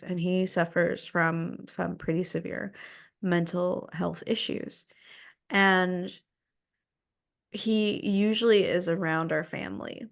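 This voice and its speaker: A woman's voice: on the low side, creaky, fairly bright tone. A woman podcast host telling a personal story in an earnest, emphatic way. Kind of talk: casual conversation.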